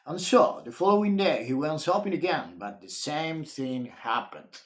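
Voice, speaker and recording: A man reading a children's picture book aloud in a playful, expressive storytime style. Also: fairly high pitch, moderate pace, few pauses. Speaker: storytime reader.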